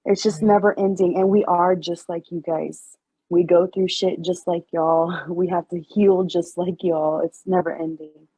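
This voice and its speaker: A woman with a mellow, husky voice shares her experience in a healing class. She speaks haltingly and emotionally, with many fillers. The sound is dry and dull. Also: on the low side, steady tone, no echo. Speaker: class participant and healer. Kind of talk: sharing in a group class.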